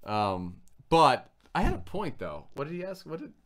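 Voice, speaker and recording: Animated man chatting on a livestream. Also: a little high, moderate pace. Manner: animated, puts on silly voices when quoting people. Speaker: food review host. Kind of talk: casual livestream chat.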